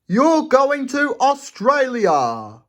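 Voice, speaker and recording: A woman's voice: high-pitched, wildly swooping pitch, drawn-out words, pitched above the performer's own voice, exaggerated voice. A woman voicing a stout, bossy male railway manager in a storybook reading, announcing emphatically.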